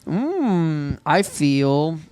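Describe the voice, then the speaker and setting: A man's voice: a little high, very animated, drawn-out words, darkish tone, clean tone. A man co-hosting a podcast in casual chat, joking and swearing often. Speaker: podcast co-host. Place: home studio in Florida.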